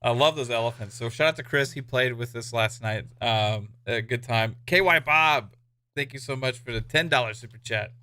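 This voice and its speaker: A young man co-hosting a casual gaming podcast, his voice bright and forward. He talks loosely and playfully, quick to joke around. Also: medium pitch. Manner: playful, laughing, puts on silly accents. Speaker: podcast host. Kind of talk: casual podcast chat, reading super chats.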